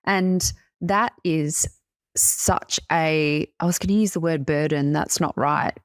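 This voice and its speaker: A woman hosting an interview, responding with warmth and sympathy. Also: deep voice, takes it slowly, no room sound, studio quality. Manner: warm, empathetic questioning. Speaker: host. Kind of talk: interview conversation.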